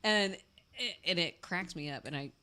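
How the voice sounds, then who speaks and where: A woman talking as a podcast guest in a casual chat, animated and chatty, often restarting her sentences. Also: fairly low pitch, measured pace.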